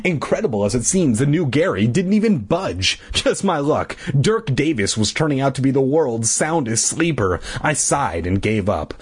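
A man's voice: mid-range voice, big pitch swings, moderate pace, hardly any pauses, husky. A man reading a children's novel aloud, dropping wry asides and corrections between passages. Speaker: reader.

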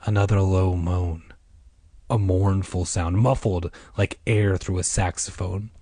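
Brief: male podcast reader, storybook narration, low and husky, dry close mic. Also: steady tone, measured pace, warm tone, dry recording. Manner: wry asides between chapters. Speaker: podcast host reading a children's horror book.

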